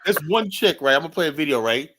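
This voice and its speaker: A man's voice: fairly high pitch, fast talker, a crowd in the background. A man hosting an online talk show, ranting in casual commentary and acting out the lines he quotes in his stories. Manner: animated storytelling, acts out quoted lines. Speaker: podcast host.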